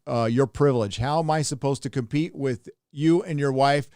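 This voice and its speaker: A man's voice: mid-range voice, moderate pace, few pauses, darkish tone, clean tone, dry recording, studio quality. A middle-aged man from Southern California hosting a casual livestream, reading viewer donations aloud in a rambling, laid-back way with lots of fillers.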